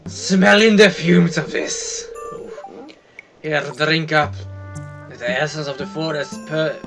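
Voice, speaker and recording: A man putting on the voice of a mysterious old forest wizard, slow and theatrical, with a vaguely Irish lilt. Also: fairly high pitch, fairly even intonation, creaky, music in the background. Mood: mystical. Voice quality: vaguely Irish-sounding put-on voice.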